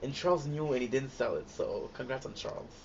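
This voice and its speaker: Excitable man gushing over a show. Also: mid-range voice, brisk. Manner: excitable, gushing, many fillers and restarts. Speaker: host reacting to a TV series. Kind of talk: casual reaction recap. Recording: dull lo-fi sound with clear background noise.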